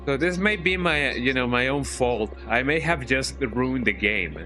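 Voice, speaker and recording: Bright-voiced man streaming a game. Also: medium pitch, soft background music. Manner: self-talking, worried, halting restarts. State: sleepy, yawning. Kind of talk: casual live gameplay commentary.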